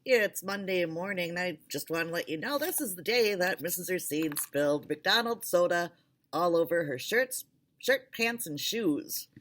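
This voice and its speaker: A woman's voice: fairly low pitch, moderate pace. A woman who chats briefly and then reads a children's novel aloud chapter by chapter. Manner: casual greeting, then steady narration. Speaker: reader.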